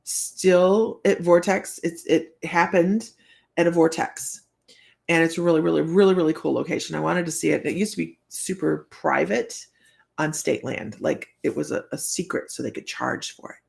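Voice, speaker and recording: A woman's voice: deep voice, normal speed, gravelly, a little mellow. A woman hosting a casual live stream as a psychic reader, telling rambling stories and laughing often. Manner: rambling, chatty, laughs often, many fillers. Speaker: psychic reader and show host.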